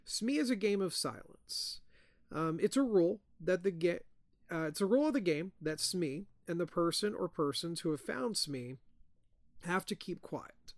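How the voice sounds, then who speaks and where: Guy reading a spooky story real quiet, kinda high voice, dry mic. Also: animated, normal speed, no echo. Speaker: podcast host. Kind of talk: reading a ghost story aloud.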